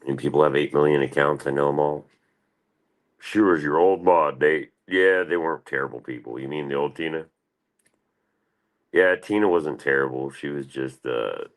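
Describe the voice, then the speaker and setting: A man's voice: very deep voice, a bit bright. A man hosting a casual livestream, rambling and swearing as he answers chat. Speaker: livestream host.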